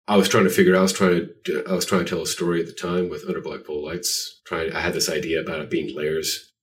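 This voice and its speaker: Deep-voiced guy rambling about his work, self-deprecating, sounds a little far from the mic. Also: little pitch movement, fast. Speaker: artist guest. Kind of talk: casual interview chat.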